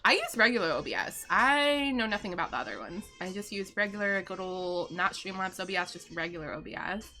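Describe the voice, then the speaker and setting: A woman's voice: medium pitch, animated, a little fast, hardly any pauses, sharp tone, faint music behind. A middle-aged woman streaming live from home, chatting casually, answering viewer questions and laughing often.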